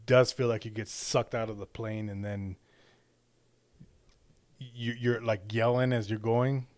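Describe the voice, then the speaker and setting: A man's voice: mid-range voice, flat delivery, a little slow, no echo. A man, a father and podcast co-host, telling a story casually and rambling, swearing a lot and checking in with his listener. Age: young adult to middle-aged father. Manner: rambling, profane, keeps checking in with 'right?'.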